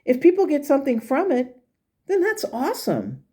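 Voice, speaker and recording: A woman's voice: sits high, wildly swooping pitch, moderate pace, warm tone, pitched above the performer's own voice. A woman voicing a blunt but caring spirit guide as she reads its messages aloud. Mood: encouraging. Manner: blunt, encouraging, exasperated at times. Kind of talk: reading channeled messages aloud.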